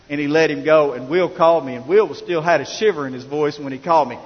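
A middle-aged pastor preaching in a folksy, chatty way, telling stories in a fairly high voice. He is heard in a church hall with a long echo, and the sound is a little muffled. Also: fast, few pauses. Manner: folksy storytelling, conversational. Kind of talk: sermon.

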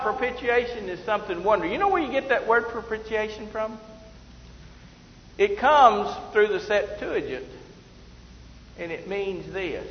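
A male preacher with a slightly high voice, telling homespun stories and laughing at his own slips before turning to scripture. His voice rings through a large, reverberant church hall. The sound is a little dull and muffled, with faint room hum behind him. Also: lively intonation, a little slow, pauses often. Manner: folksy storytelling, laughing at himself. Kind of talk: sermon.

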